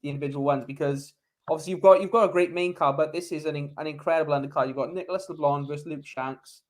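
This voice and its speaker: Man, podcast host, enthusiastic, slightly higher voice, casual chat. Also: steady tone, fast. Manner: enthusiastic, leads the discussion.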